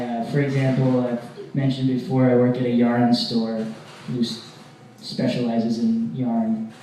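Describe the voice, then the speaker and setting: Deadpan young man in an echoey room. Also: mid-range voice. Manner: deadpan, rambling storytelling with mock-angry rants. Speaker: stand-up comedian. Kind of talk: stand-up comedy set. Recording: very echoey room, distant mic, faint hiss.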